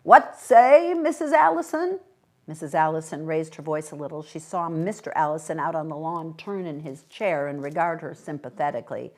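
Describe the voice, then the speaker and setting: A woman reading a short story aloud at a library event, with expressive, animated delivery. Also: low voice, brisk, hardly any pauses. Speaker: guest reader.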